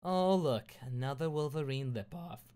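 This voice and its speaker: A man's voice: a little high, normal speed, warm tone, clear, resonant tone, voice pushed up, natural voice. A man voicing a wisecracking, manic male antihero mercenary, giddy and taunting, in an amateur fan fiction reading. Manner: squealing, giddy, taunting, sing-song.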